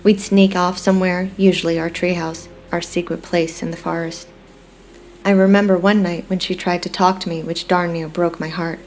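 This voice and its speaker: Low-voiced woman narrating a romance. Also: moderate pace, slight background noise. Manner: steady, reflective storytelling. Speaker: audiobook narrator. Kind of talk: scripted first-person romance narration.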